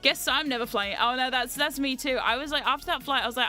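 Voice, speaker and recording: Woman streamer, high and bright, loose and chatty, swears freely, animated storyteller. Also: fast talker, soft background music. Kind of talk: casual storytelling chat.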